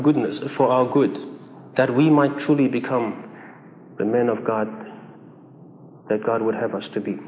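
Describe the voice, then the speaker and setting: High-voiced man preaching in an echoey hall. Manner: conversational preaching with acted-out dialogue and chuckles. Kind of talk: sermon. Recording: dull echoey hall recording with faint hiss.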